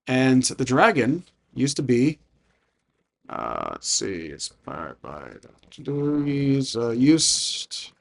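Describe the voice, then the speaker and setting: A man's voice: medium pitch, huge pitch swings, drawn-out words, gravelly. A man narrating a solo tabletop game casually, thinking aloud with frequent restarts and self-corrections. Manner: casual, conversational. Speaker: solo game master and player.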